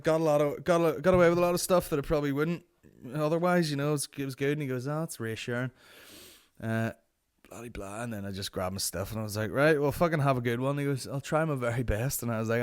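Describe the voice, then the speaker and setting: A young man with a Northern Irish accent tells a story on his podcast, cursing freely and jumping up into the voices of the people he quotes. His voice sits at a middling pitch. The recording is dry, with no room sound. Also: brisk, no room sound. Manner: sweary, animated, acts out quoted voices. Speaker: podcast host. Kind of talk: casual storytelling.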